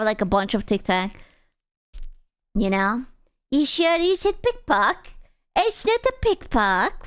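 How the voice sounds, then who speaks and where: High, smooth-voiced playful woman streamer. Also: a bit bright. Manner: playful, teasing, crude. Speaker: VTuber streamer. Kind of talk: casual chat with stream chat.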